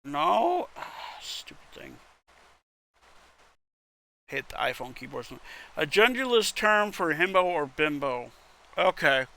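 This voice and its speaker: A man's voice: a little high, very animated, takes it slowly, vocal fry, pauses often, pushed and bright. A man reading internet posts aloud in casual commentary, wry and muttering, with casual swearing. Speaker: content creator reading posts.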